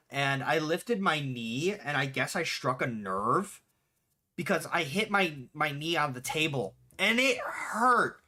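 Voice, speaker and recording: A streamer in their late twenties with a bright, forceful voice, talking casually to chat. They tell stories in an animated way and swear freely between answering questions. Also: medium pitch. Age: late 20s. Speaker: streamer and game developer.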